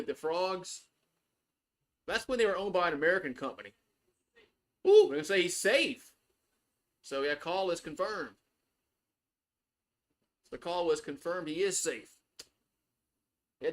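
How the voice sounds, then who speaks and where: A man giving casual play-by-play on a live stream, loose and chatty, swearing freely. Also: fairly high pitch. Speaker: live stream sports host.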